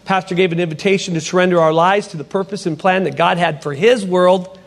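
A middle-aged man with a high-pitched voice tells his faith testimony from the front of a church. He is an animated storyteller who slips into the voices of the people in his story. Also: brisk, gravelly. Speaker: potter and ministry speaker. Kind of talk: testimony sermon.

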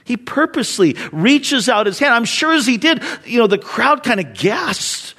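A middle-aged male preacher giving a sermon, dropping from loud emphasis to hushed near-whispers. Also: very high voice, lively intonation, moderate pace, few pauses.

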